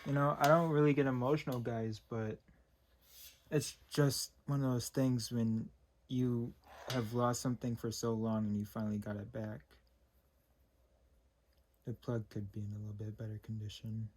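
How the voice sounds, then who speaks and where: A man unboxing an old fan in a casual vlog at home. He talks in a halting, sentimental way and checks in with whoever is filming. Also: lowish voice, level tone, dark tone. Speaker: vintage fan collector. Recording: noisy home recording.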